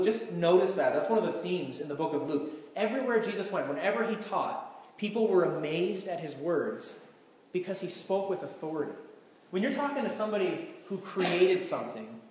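A pastor with a high voice preaches a little fast in a large hall, his sermon conversational and emphatic. He tells stories with animation, and the echoey hall recording has slight background noise.

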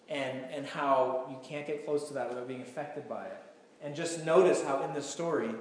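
A man, a pastor giving a conversational, emphatic sermon in a large hall. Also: fairly high pitch. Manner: conversational, emphatic, animated storytelling. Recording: echoey hall sound.

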